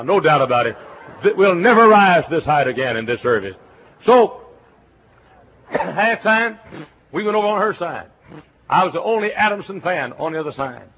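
A middle-aged man from Texas with a Texan accent, preaching a sermon as a pastor, telling stories and breaking into shouts. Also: a little high, slight background noise. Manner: animated storytelling, bursts into shouts and chants. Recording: tinny phone-like recording.

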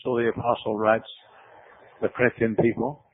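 A man's voice: medium pitch, level tone, moderate pace, a little hiss or hum. A man preaching a sermon, emphatic and repetitive, his voice climbing sharply on the words he stresses. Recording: tinny phone-like radio broadcast.

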